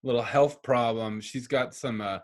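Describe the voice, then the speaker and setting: A man's voice: mid-range voice, moderate pace. A man co-hosting a podcast, chatting casually and reacting with short agreements. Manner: laid-back, reacts with short agreements and laughs. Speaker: podcast co-host. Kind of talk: casual chat.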